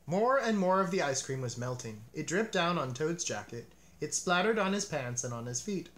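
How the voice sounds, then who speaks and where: A man reading a children's storybook aloud as narrator, with a gentle, expressive manner. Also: fairly high pitch, moderate pace. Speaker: storybook reader.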